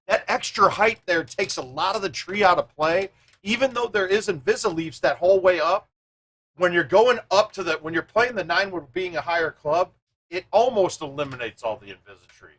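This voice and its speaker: A man hosts a live stream, chatting casually with his viewers and thinking out loud while he plays a golf game. His voice sits high and is slightly rough.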